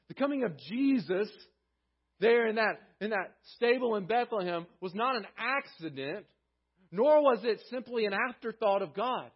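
Male pastor, sermon delivery, earnest and emphatic, breathy tone. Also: expressive, moderate pace, highs cut off. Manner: earnest preaching, rising for emphasis and dropping low.

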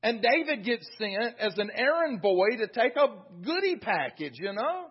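A man's voice: very high-pitched, very animated, normal speed, slightly rough, highs cut off. A man preaching a sermon in a church, retelling scripture in an earnest storytelling way. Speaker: pastor. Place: church sanctuary.

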